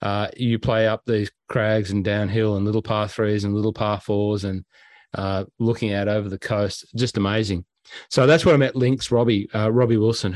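A man's voice: on the low side, dry recording. A man with an Australian accent, a podcast host telling travel stories in casual chat, acting out quotes and sounds. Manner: animated, acts out quotes and sounds. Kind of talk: casual storytelling.

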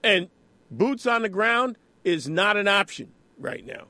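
A man hosting a political radio talk show in a studio, talking in an animated, rhetorical, conversational way. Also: sits high, normal speed, creaky, no echo.

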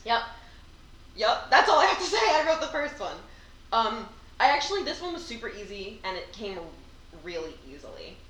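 A woman's voice: on the high side, very animated, normal speed, fairly bright tone. A woman co-hosting a casual chat, reading poems aloud and teasing her friend playfully. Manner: playful, teasing, laughs often. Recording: echoey room, slightly distant mic, faint background hiss.

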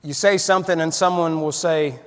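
A male preacher, his voice pitched high for a man. He delivers a folksy, storytelling sermon that builds to fervent emphasis, and the words ring out with a long reverb from a large church hall. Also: fairly even intonation, a little fast.

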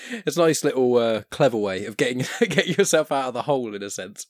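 A man's voice: mid-range voice, lively intonation, fast, dry recording, clean studio sound. A man chatting casually on a podcast, talking in a hesitant, filler-heavy way.

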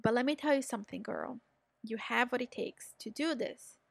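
A woman's voice: a little high, moderate pace, gravelly, breathy edge, no room sound. Upbeat woman podcast host. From Brazil. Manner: energetic, encouraging, talks straight to listeners. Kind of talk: motivational business podcast.

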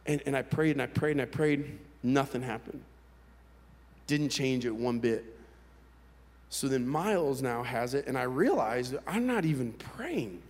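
A man preaching to an audience in a large hall, his voice trailing off into a long reverb. He sits mid-range in pitch and talks in a candid, conversational way, often restarting his sentences as he tells his own story. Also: animated, measured pace, a little mellow. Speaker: pastor. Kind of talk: personal testimony sermon.

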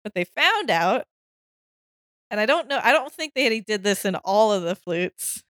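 A woman's voice: medium pitch, animated, moderate pace, fairly bright tone, no room sound, clean studio sound. A woman chatting casually on a podcast, laughing often and trailing off into restarts. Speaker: podcast panelist.

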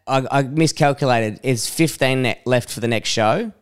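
A man's voice: mid-range voice, normal speed, clean tone. A young Australian man co-hosting a podcast, telling stories casually and swearing freely. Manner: swears freely, animated storytelling with impressions. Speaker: podcast co-host. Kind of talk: casual chat.

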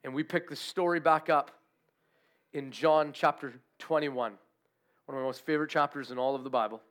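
A man preaching a sermon, telling a Bible story with animated, acted-out quotes. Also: on the high side, moderate pace. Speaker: pastor.

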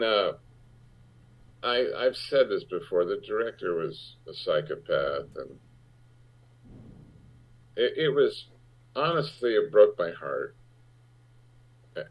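A man, an actor, speaking frankly in a conversational interview, halting with restarts and rising sharply when he makes a point. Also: lowish voice. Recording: muffled lo-fi audio.

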